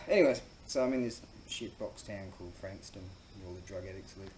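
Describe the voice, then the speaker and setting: A man's voice: lowish voice, big pitch swings, a little fast, a little mellow. A man with an Australian accent telling a rambling, profane story in a casual monologue, full of fillers and laughing at himself. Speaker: host. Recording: echoey room with faint ambient noise.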